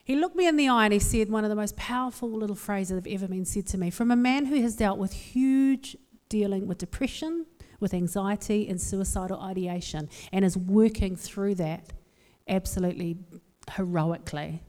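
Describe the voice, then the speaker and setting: A woman's voice: mid-range voice, normal speed, a little mellow. A woman with a New Zealand accent giving a humorous, candid personal talk to a live audience, telling stories in a self-deprecating way. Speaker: speaker. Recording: long hall reverb.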